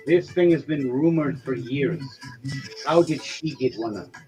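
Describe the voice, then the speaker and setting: A gruff, battle-worn man who has lived in the void, as a game master puts him on. He sounds shaken and blunt. Music plays behind him. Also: medium pitch, measured pace, darkish tone, close to an everyday voice. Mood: rattled. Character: grizzled male veteran who lived in the void.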